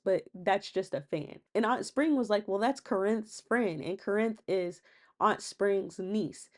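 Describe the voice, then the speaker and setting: A woman casually retelling a reality show episode, chatty and quick, leaning on "and she was like" quotes. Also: mid-range voice, a little mellow. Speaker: recap host. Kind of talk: casual reality TV recap narration.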